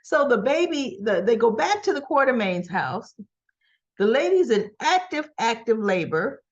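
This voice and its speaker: A fairly high-voiced woman tells a soap opera recap with a voice that rises and falls all over the place. She slips into the characters' lines as she goes and laughs at what she finds ridiculous. The recording sounds a bit muffled and lo-fi. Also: a little slow. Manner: animated storyteller, acts out characters' lines; laughs often, teasing and incredulous. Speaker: soap opera review vlogger. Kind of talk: casual recap and commentary.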